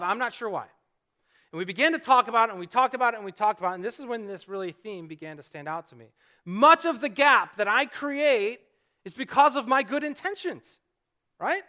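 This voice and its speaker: A middle-aged man preaching a sermon from the stage of a church sanctuary, with a fairly high voice and a bright, forceful tone. He talks in a relaxed, conversational way, pokes fun at himself and keeps asking the congregation rhetorical questions. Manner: conversational, self-deprecating storytelling with rhetorical questions. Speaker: pastor.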